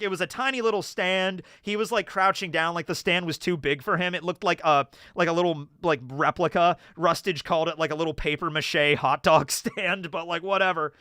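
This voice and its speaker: A young American man with a slightly high, smooth voice tells rambling, animated stories on a casual livestream. He reads questions from chat and answers them with plenty of fillers. The recording is studio quality with no echo.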